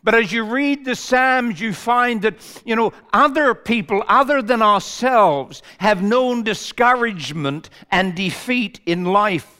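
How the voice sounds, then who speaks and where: Male preacher, slow deliberate emphatic delivery, smooth resonant voice, echoing hall. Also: high-pitched, sharp tone. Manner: measured, emphatic preaching with rhetorical lists. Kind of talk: sermon. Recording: long reverb of a large hall.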